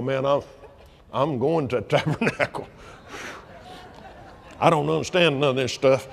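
Animated folksy preacher man in a big hall. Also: a little high. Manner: folksy, animated preaching with shouted peaks and call-and-response. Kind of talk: sermon. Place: large convention hall. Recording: long hall reverb.

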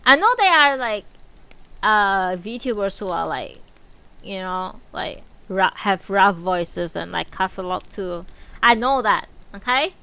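A woman streamer chatting casually on a live stream, blunt and dry, swearing freely and low on energy. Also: expressive, slow, sharp tone, clean tone.

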